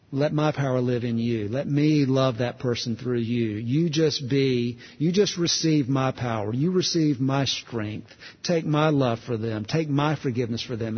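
A man preaching who voices the Lord speaking gently and patiently to a believer, in a calm, reassuring tone, softer and lower than his plain preaching. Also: slightly rough, big-room sound, lo-fi sound.

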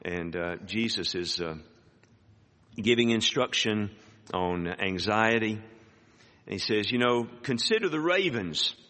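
Slow, bright-voiced man preaching in a hall. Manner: reads scripture aloud, rising high on emphatic words. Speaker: pastor. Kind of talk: sermon. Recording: hall reverb.

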